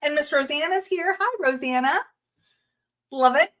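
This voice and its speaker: A woman with a somewhat high voice hosts a live craft stream in an upbeat, chatty way. She reads viewer comments aloud and greets each one by name in a casual tone. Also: moderate pace, fairly bright tone. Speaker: host of a live jewelry-making stream. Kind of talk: casual livestream chat with viewers.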